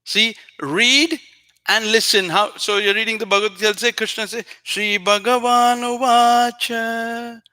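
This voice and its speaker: A man hosting a spiritual show, giving an earnest, repetitive teaching talk addressed straight to a viewer, now and then softly chanting phrases. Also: sits high, fairly even intonation, normal speed.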